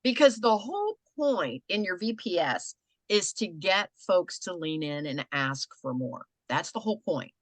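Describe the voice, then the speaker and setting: An older American woman coaching a group on business pitches, conversational and animated. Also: unhurried, dry recording. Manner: conversational, animated, acts out quoted people.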